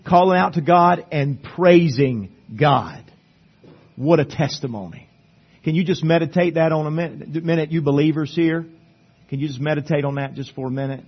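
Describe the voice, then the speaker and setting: A male pastor preaching a sermon at a church service, emphatic, swinging between loud declarations and hushed asides. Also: a little high, husky, muffled recording.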